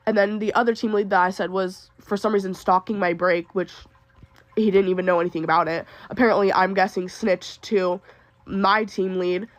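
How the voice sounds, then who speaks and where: A young woman rants through a venting storytime, exasperated and upset while feeling sick. Her voice is close and dry with no room around it. She talks in quick, indignant bursts. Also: mid-range voice, fairly even intonation, no room sound. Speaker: retail worker.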